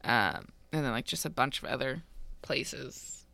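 A woman's voice: a bass voice, unhurried, vocal fry, pushed and bright, no room sound. A young woman co-hosting a podcast, chatting casually and reading out an urban legend, giggly and rambling off track. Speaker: podcast co-host.

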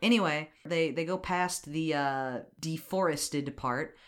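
Brief: an excitable host retelling a film plot with loose, swearing chat. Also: mid-range voice, slow pace. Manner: chatty, animated, swears freely. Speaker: podcast host. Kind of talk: casual movie recap.

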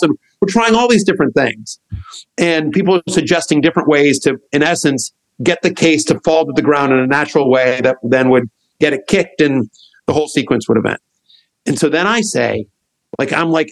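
Animated middle-aged man telling a story. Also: on the high side, brisk, low-quality recording. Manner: animated, acts out quotes of others; rambling with restarts and fillers. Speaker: guest. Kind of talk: storytelling in a podcast conversation.

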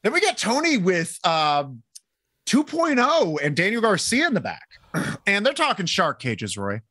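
Animated bright-voiced man chatting. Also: high-pitched, measured pace, no echo, studio quality. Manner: rambling, joking, lots of fillers. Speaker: podcast co-host. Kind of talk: casual chat reading live comments.

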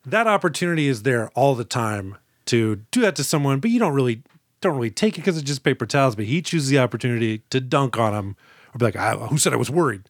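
A man's voice: medium pitch, lively intonation, fast, dry recording, clean studio sound. A man co-hosting a podcast, casually retelling film scenes with jokes, playful voices and frequent swearing. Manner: joking storyteller, acts out scenes, swears freely. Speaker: podcast co-host. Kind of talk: casual movie-recap chat.

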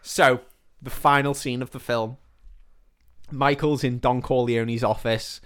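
A man casually retelling a film plot as a podcast host, animated, swearing freely and acting out the characters' lines. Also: medium pitch, slow, clear, resonant tone.

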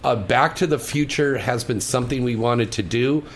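A man's voice: mid-range voice, moderate pace. A middle-aged man hosting a radio talk show, joking crudely and chatting casually. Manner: crude, boastful banter.

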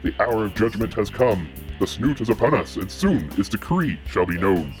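A man's voice: lowish voice, sing-song, normal speed. A man reading a mock-solemn show intro in a grand, ceremonial manner, with guitar music under him.

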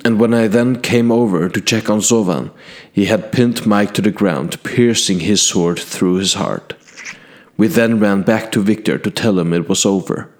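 A man telling a fantasy adventure in character, recounting past deeds to a king in a measured, earnest first-person way. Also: fairly low pitch. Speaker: storyteller.

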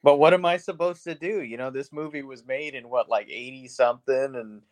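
A man co-hosting a podcast, talking casually in a halting, self-deprecating way with frequent giggles. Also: mid-range voice, fairly even intonation, dry recording. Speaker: podcast co-host. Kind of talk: casual chat.

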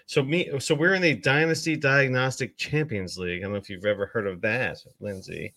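A man with a bright, forceful voice at a middle pitch co-hosting a casual podcast. He keeps things playful, joking and teasing his co-hosts. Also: steady tone, no echo, studio quality. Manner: playful and jokey, quick to tease. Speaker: podcast co-host.

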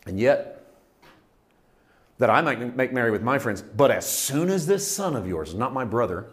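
A middle-aged man preaching a sermon, telling a parable with lively storytelling and acting out its characters. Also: mid-range voice, normal speed. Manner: animated storytelling, acting out characters, rising to shouts. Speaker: pastor.

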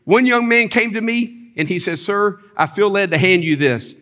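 A man preaching, telling stories in a lively sermon with loud exclamations and chuckles. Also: high voice, normal speed. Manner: animated storytelling with loud exclamations and laughter. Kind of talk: sermon testimony.

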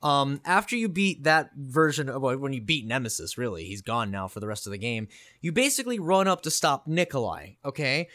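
A man's voice: medium pitch, brisk. A man co-hosting a casual gaming podcast, swearing freely and acting out characters' lines as he recaps. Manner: animated and profane, acts out characters' lines. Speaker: podcast co-host.

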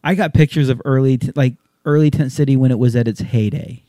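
A man's voice: medium pitch, steady tone, fast, mellow, no echo, studio quality. A man hosting a casual interview, chummy and laid-back, calling people dude and man. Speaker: host.

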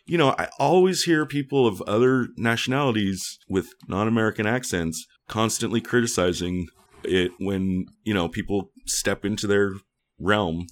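Low-voiced man rambling thoughtfully on a podcast. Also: moderate pace. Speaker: podcast co-host. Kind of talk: casual chat. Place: California.

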